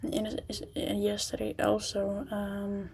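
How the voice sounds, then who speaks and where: A young woman livestreaming from a room at home, chatting casually with viewers in a halting way with many restarts, now and then dropping to a whisper. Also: mid-range voice, monotone, gravelly, slightly rough. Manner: halting, restarts often, soft at times.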